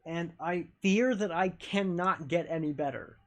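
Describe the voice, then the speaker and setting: A man streaming live, chatting casually with viewers in a halting, self-deprecating, rambling way. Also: fairly high pitch, fairly bright tone.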